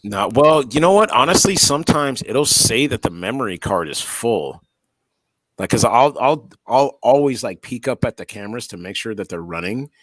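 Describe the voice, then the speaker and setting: A man's voice: medium pitch, moderate pace, no room sound. A man hosting a dash cam channel, chatting casually and acting out his reactions as he tells stories. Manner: animated storyteller, acts out reactions. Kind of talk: casual chat.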